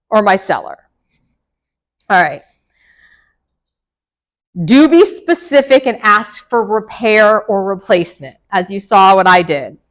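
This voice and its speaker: A woman's voice: mid-range voice, a bit bright, poor audio. A woman, a real estate broker giving a casual classroom lecture to agents, chatty, laughing often and asking the room questions.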